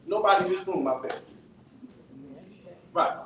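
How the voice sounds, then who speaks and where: In an echoey church sanctuary, recorded from far away with slight background noise, a man unhurriedly shares a story-driven sermon, chatting with the audience and often asking "right?" between asides. His voice sits high and is a bit bright.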